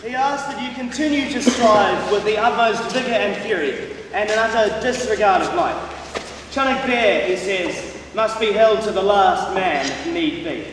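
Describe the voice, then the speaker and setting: A man's voice: high-pitched, normal speed, a bit bright. A young man with a New Zealand accent playing a nervous, dutiful signals corporal who speaks hesitantly and politely in a school stage play. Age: young adult. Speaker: stage actor. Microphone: distant audience recorder. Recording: echoey hall from far off, faint hiss.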